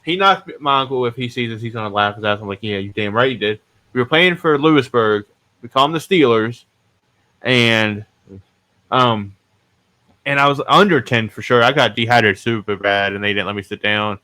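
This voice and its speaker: A man's voice: mid-range voice, moderate pace, bright, forceful tone. A man hosting a podcast, telling stories in a casual, rambling, self-mocking way and swearing freely. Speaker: podcast host.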